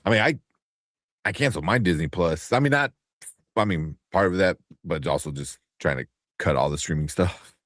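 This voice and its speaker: A very deep-voiced man hosts a laid-back podcast chat, sounding sleepy and a little groggy. He rambles and restarts his sentences often. The sound is dry and close to the mic. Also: moderate pace, a bit bright, no room sound. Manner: loose, rambling, with many restarts. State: sleepy, yawning. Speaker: podcast host. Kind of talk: casual chat.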